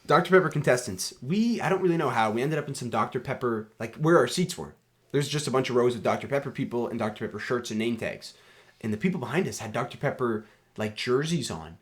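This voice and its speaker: A young man from Canada, co-hosting a podcast and telling animated road-trip stories in casual chat. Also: mid-range voice, quick pace. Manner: animated, laughing storyteller. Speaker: podcast co-host.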